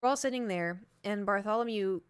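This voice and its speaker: A woman's voice: medium pitch, fairly quick, clean tone, dry recording, clean studio sound. Rambling self-deprecating young woman streamer. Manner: rambling, self-deprecating, laughs often, many fillers. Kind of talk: casual live-stream chat. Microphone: large studio microphone.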